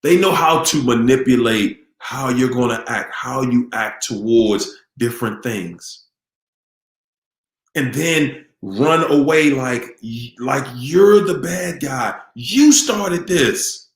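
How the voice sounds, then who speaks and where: A man's voice: medium pitch, slow pace, reverberant. A man hosting a live question-and-answer stream, talking casually and animatedly to viewers, repeating himself and asking the audience questions in a preachy way.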